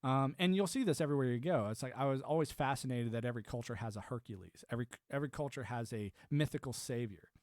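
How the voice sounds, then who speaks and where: A man's voice: mid-range voice, fast talker, hardly any pauses, a little mellow, no echo, clean studio sound. A man in his thirties chatting casually on a live stream, rambling and laughing often.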